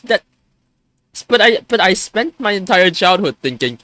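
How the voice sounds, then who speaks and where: Agitated young man venting with lively pitch. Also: normal speed, dry recording. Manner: frustrated, swearing, stammering restarts. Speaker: streamer. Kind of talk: venting on a live stream.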